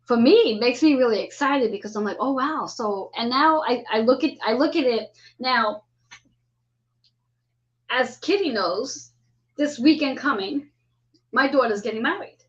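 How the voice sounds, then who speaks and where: A woman in her fifties hosts a relaxed spiritual chat about the stars, her voice sitting a little high. She talks in an animated way and slips into the voices of the people she quotes. The recording is dull and lo-fi. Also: moderate pace, long pauses. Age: 50s. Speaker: host. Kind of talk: casual spiritual astrology chat.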